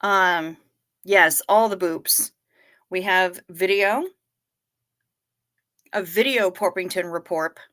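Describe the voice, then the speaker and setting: A woman hosting a casual livestream, reading viewer comments in a gentle, sympathetic way. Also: lowish voice. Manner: slow, gentle and sympathetic, talking to chat. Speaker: livestream host.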